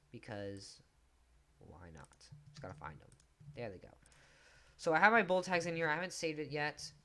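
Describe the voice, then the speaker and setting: A man's voice: medium pitch, fairly bright tone. A man hosting a coding tutorial, explaining casually and joking about himself as he types. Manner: casual, self-deprecating, talks while typing. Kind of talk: screen-recorded coding tutorial. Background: keyboard typing and clicks.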